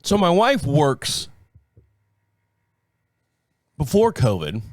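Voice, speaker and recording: A man's voice: on the high side, wildly swooping pitch, extremely slow, no room sound, clean studio sound. A man in his fifties hosting his own show, telling stories in a rambling, casual way and often correcting himself mid-sentence. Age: 50s. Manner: rambling, self-correcting storytelling. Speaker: podcast host. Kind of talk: casual solo talk.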